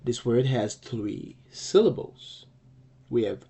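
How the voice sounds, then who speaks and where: A man's voice: mid-range voice, slow, mellow. A man teaching a language lesson, explaining patiently, repeating key points and checking in with "okay?" as he goes.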